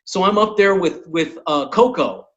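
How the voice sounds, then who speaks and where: A man's voice: sits high, moderate pace, dull audio. A man hosting a podcast, telling a long comic anecdote in casual, profane chat. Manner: animated, swearing anecdote teller. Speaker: podcast host and comedian.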